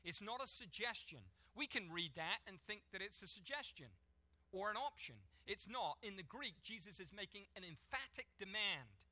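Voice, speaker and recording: Man preaching a sermon, bright cutting voice, kinda high, gets emphatic. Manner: emphatic, building to forceful peaks. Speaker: pastor.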